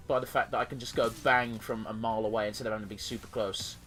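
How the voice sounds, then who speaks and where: A man's voice: mid-range voice, fairly even intonation, fast talker, few pauses. A man giving rambling, jokey, sweary commentary as he plays a video game. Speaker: let's play host. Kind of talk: gameplay commentary.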